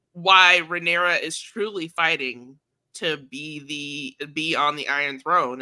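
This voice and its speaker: A woman's voice: sits low, bright, forceful tone, no room sound. A woman co-hosting a casual podcast, chatting thoughtfully and often laughing. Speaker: podcast co-host.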